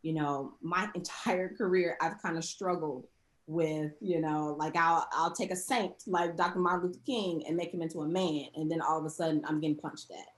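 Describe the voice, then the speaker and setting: A woman's voice: deep voice, moderate pace. A young woman from the South, speaking expressively as a showrunner guest in a roundtable conversation. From American South. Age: young adult. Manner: expressive, animated. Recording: roomy echo.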